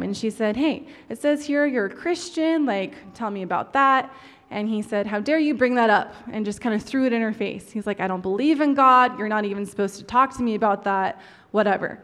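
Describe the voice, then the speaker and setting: A woman in her thirties giving an earnest personal testimony, her voice dropping soft at the heavy moments. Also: mid-range voice. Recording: long hall reverb.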